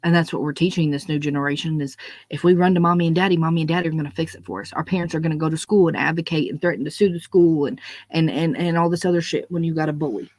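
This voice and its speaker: A young adult launches into an unscripted rant, blunt and full of swearing, repeating words to drive each point home. The voice sits at a middle pitch and sounds close and dry, with no room around it. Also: steady tone, rapid-fire, a little mellow, no echo. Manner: blunt, profane, emphatic, repeats words when stressing a point. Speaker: monologue speaker. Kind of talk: unscripted ranting monologue.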